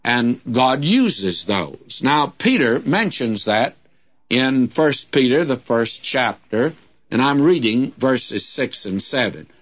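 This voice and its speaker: An older man giving folksy, earnest Bible teaching on the radio, with a homespun and drawn-out delivery. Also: mid-range voice, sing-song, fairly bright tone. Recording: dull lo-fi old radio recording.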